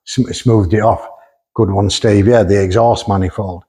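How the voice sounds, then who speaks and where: A man's voice: lowish voice, steady tone, moderate pace, mellow, husky. A man hosting a car workshop vlog, blunt and joking as he chats and walks around cars. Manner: blunt, joking, laughs often. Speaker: workshop owner and host. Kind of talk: casual banter and car walkaround.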